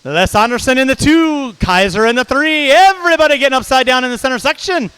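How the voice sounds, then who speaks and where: A man calling a hobby race over the track speakers, brisk and jokey, reeling off driver names in quick runs. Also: very high-pitched, lively intonation, a bit bright, clear, resonant tone, low-quality recording. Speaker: race announcer. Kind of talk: live race commentary.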